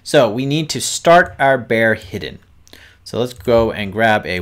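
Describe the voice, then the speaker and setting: A man's voice: mid-range voice, animated, unhurried, a bit bright. A man teaching kids to code on a live stream, explaining patiently step by step and talking straight to the viewers. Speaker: teacher hosting a coding stream.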